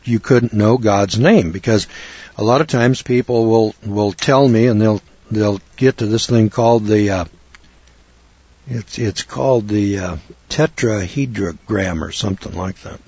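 Rambling older man, husky voice. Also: lowish voice, measured pace, a little mellow, no room sound, muffled recording. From western United States. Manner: rambling, folksy, spells words out letter by letter. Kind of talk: casual religious talk, answering a question.

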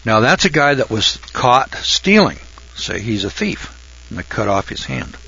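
Captured in a dull lo-fi recording, this older man's voice is mid-range, creaky and husky, with a sharp tone. He is very animated but a little slow as he drawls through a folksy, meandering tale packed with fillers and restarts, then shifts into commenting on the Bible.

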